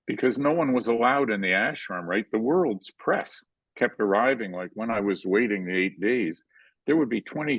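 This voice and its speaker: An older man, a filmmaker, telling animated stories in an interview and acting out the quotes. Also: on the low side, husky, dry recording, highs cut off. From Canada. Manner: animated anecdotal storytelling, acts out quotes. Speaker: guest filmmaker. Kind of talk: storytelling in a conversational interview.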